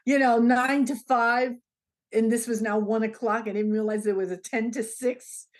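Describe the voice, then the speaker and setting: A woman's voice: fairly high pitch, normal speed. A woman being interviewed, telling a story in a conversational way and acting out the dialogue as she goes. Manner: animated, acts out the dialogue in her stories. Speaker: interview guest.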